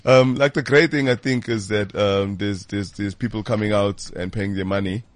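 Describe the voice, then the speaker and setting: Male comic, low voice, relaxed halting chat, dry close mic. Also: no room sound. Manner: laid-back, laughing, halting. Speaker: guest comedian. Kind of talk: casual chat.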